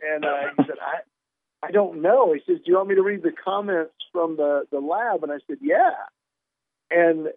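A man's voice: a little high, normal speed. Man telling a story over a phone line. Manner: animated, wry storyteller who plays out dialogue. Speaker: comedian guest. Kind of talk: conversational storytelling.

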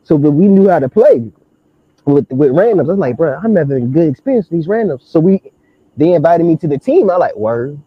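A young man spins a slangy, animated story in casual chat. His voice sits a little high and the recording sounds dull and lo-fi. The room is dry. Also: brisk, slightly rough, dry recording.

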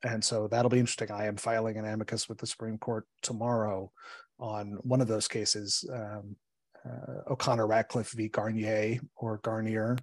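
Halting, dry-voiced male attorney. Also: fairly low pitch, level tone, no room sound. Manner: measured, halting with frequent ums and uhs. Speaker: attorney guest. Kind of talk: explaining legal cases on a podcast.

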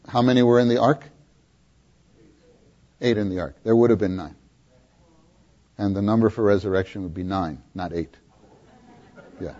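A man preaching a sermon, often questioning his listeners and repeating words for emphasis, with a husky voice, on a dull lo-fi recording. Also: fairly low pitch, a little mellow. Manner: questions the audience, emphatic repetition.

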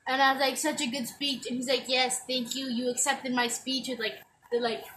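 A woman's voice: high voice, flat delivery, fairly quick, noisy background. A teenage girl telling a rambling story to friends, giggling and full of fillers. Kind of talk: casual chat.

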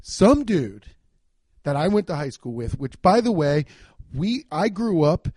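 Male comedian-host from Cincinnati: high voice, loose profane rambling, dry close mic. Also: big pitch swings, measured pace, darkish tone, no echo. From Cincinnati, USA. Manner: rambling, profane, repeats words as he restarts. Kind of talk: casual podcast rant.

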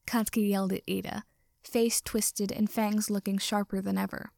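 A woman reading a story aloud as narrator, in steady storytelling narration. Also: mid-range voice, moderate pace, vocal fry, no echo, studio quality.

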